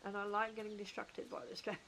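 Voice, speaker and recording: A woman's voice: mid-range voice, completely flat delivery, a little fast, a bit bright, a little hiss or hum. Sweary British woman streaming a game. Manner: blunt, sweary, self-mocking. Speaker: livestreamer. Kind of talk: casual gaming livestream chat.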